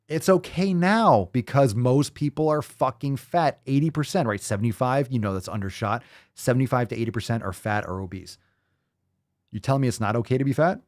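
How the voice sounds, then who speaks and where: A man's voice: mid-range voice, a little fast, no echo, studio quality. A man hosting a show, ranting in profane, sarcastic commentary and mocking the people he quotes. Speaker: host.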